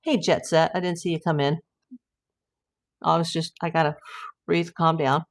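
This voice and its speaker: A woman's voice: sits low, flat delivery, normal speed. A middle-aged woman hosting a casual livestream, chatting and reading viewer comments aloud in a rambling way. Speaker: livestream host.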